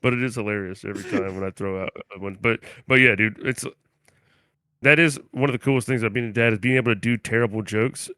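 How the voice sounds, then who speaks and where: A man's voice: fairly low pitch, steady tone, fast talker, pushed and bright, clear, resonant tone, no echo, clean studio sound. A young man and dad co-hosting a comedy podcast, rambling casually, swearing and saying "dude" all the time. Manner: rambling, profane, says "dude" constantly. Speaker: podcast co-host.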